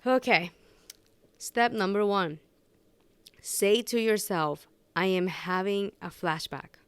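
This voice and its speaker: A woman's voice: medium pitch, slow pace, clean tone, no echo. A woman hosting a personal podcast, talking unscripted and candidly, rambling with many restarts. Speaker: podcast host.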